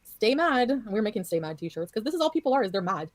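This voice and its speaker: A woman's voice: mid-range voice, big pitch swings, rapid-fire, a little mellow, dry recording. A woman livestreamer ranting in casual chat, blunt, profane and dismissive.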